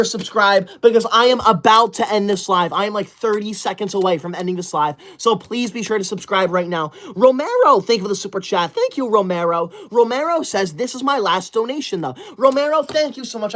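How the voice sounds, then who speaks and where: A man's voice: sits high, fairly bright tone, a little hiss or hum. A man hosting a livestream, reading out super chats with theatrical, over-the-top gratitude and mock outrage, thanking donors again and again in a hype style. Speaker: livestream host.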